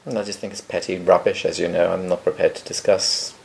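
Gravelly, dark-voiced blunt man. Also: sits low, flat delivery, fairly quick. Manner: dry, blunt, opinionated. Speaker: guest answering listener questions. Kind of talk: casual podcast chat.

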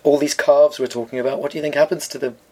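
Male podcast co-host with a slightly high-pitched voice. Dry, opinionated, deliberate. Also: little pitch movement, a little mellow, husky. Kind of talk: casual chat. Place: studio.

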